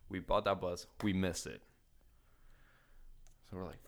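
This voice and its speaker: A young man from California with a very low voice tells a rambling travel story on a podcast. He is animated and swears freely, and he slips into the voices of the strangers he met along the way. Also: a little slow, gravelly. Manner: animated, swears a lot, acts out the voices of people in his story. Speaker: guest telling a travel story.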